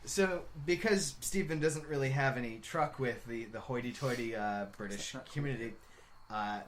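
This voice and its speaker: A man co-hosting a podcast in casual chat, telling stories in an animated, profane way. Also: mid-range voice, moderate pace, a little hiss or hum. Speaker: podcast co-host.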